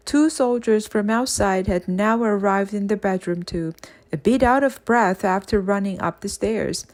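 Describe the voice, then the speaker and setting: A woman reading a children's book aloud in a clear, steady storytelling way. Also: mid-range voice, unhurried. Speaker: audiobook reader.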